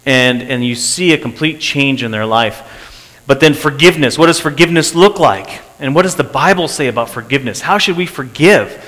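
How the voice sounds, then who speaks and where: A man's voice: mid-range voice, expressive, moderate pace, a bit bright. A man preaching and telling of a church meeting, earnest, repeating phrases for emphasis. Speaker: pastor. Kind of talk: sermon testimony. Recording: long hall reverb.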